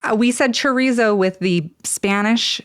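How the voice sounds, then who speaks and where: A woman's voice: on the low side, lively intonation, brisk, a bit bright, no echo, studio quality. A woman hosting a casual local news podcast, joking and self-mocking, laughing often as she talks. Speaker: podcast host.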